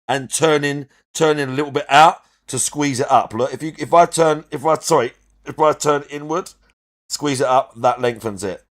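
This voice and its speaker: A man's voice: medium pitch, normal speed. A man giving reaction commentary, critically explaining arm muscles in a rambling way. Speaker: reaction host.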